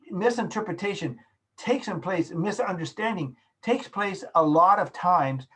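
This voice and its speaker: A man teaching a course over a video call, explaining slowly and illustrating points with everyday examples. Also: a little high, a bit bright, slightly rough, low-quality recording. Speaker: course instructor. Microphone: video call microphone.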